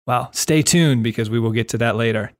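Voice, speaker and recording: A man co-hosting a podcast, talking in an enthusiastic, animated way. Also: mid-range voice, brisk. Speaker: podcast co-host. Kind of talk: casual chat.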